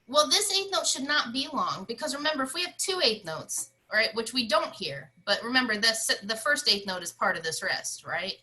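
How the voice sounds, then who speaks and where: A woman's voice: fairly high pitch, very animated, moderate pace, few pauses, sharp tone, rough recording. A woman teaching an online music lesson, explaining rhythms and singing scat syllables to show them.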